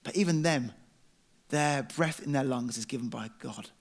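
A man's voice: medium pitch, moderate pace. A young man preaching a sermon in earnest, telling self-deprecating stories with animation.

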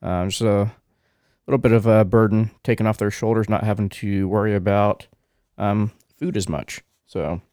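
A young man co-hosts a casual podcast, hesitant and full of fillers. His voice is very low. The recording is close and dry. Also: steady tone, moderate pace, darkish tone, dry recording. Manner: hesitant, many ums and likes. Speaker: podcast co-host. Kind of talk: casual news chat.

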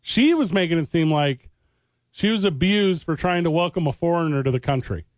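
A man's voice: fairly high pitch, lively intonation, a little fast, no echo. A man co-hosting sports talk radio, arguing his point and choosing his words with care. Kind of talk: heated sports talk debate.

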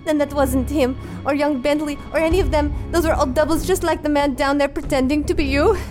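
A woman's voice: on the high side, normal speed, over music, natural voice. A woman voicing a fierce frontier wife in a tabletop role-play, with a put-on Russian-flavored accent. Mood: alarmed.

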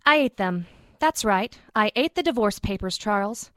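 A woman's voice: mid-range voice, animated, moderate pace, fairly bright tone, no room sound, lightly acted. A woman performing a monologue as a wife who refuses a divorce, dramatic and bitterly joking. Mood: bitter, wry. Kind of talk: acted monologue.

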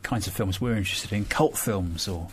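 A man's voice: fairly low pitch, moderate pace, slight background noise. A man hosting a conversational discussion about films, thinking aloud and searching for his words. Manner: thoughtful, searching for words with fillers and restarts. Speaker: podcast host.

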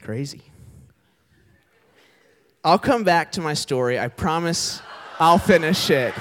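Young guy preaching, talks like he's chatting w the crowd, voice goes up n down a lot, kinda high. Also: expressive, slow, pauses often, a bit bright, a little hiss or hum. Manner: casual, chatty, addresses crowd directly. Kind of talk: sermon with storytelling. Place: church service before an audience.

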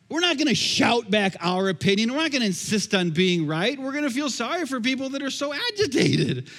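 A man's voice: extremely high pitch, very animated, brisk, hardly any pauses, fairly bright tone. A man preaching a sermon as pastor, in a conversational style with repeated phrases, recorded in a church sanctuary. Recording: long echoey hall reverb.

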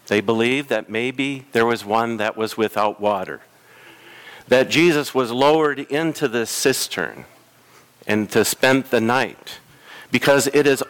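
Pastor preaching reflectively. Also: male voice, medium pitch, fairly bright tone. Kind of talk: sermon. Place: church sanctuary.

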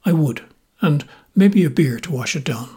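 A man's voice: fairly high pitch, expressive, moderate pace, warm tone, slightly rough. A man voicing a sociable, easygoing publican with a genial way of talking.

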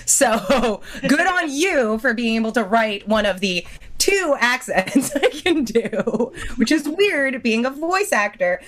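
A woman voice actor talking casually on a podcast, chatty and full of quick restarts and laughs. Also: fairly high pitch, sing-song, fairly bright tone. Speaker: voice actor guest.

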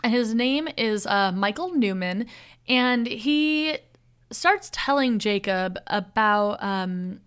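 A woman's voice: a little high, expressive, slow, a bit bright, clean tone. A young woman in casual conversation, animatedly retelling a film plot with lots of "like" fillers. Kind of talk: casual film recap chat.

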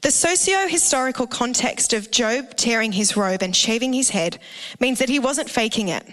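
An Australian woman pastor delivering a sermon, telling a family story with animated, jokey asides to the congregation. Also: a little high, moderate pace. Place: church auditorium. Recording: reverberant hall.

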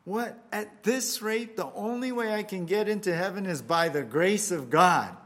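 A man's voice: animated, a little slow, a little mellow. A preacher doing a flustered man at heaven's gate. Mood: exasperated. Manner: exasperated, pleading, rising pitch.

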